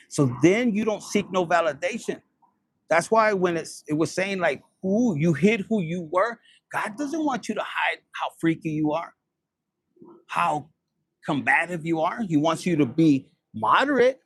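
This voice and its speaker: A man's voice: fairly high pitch, slightly rough, dry recording. A man giving a collective tarot reading in a streetwise, profane, preachy way, slipping into Spanish phrases. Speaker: tarot reader.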